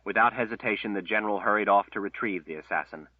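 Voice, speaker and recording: Husky low man, phone-like audio. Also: fast, no room sound. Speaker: audiobook narrator. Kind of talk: scripted fantasy narration. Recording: tinny phone-like line.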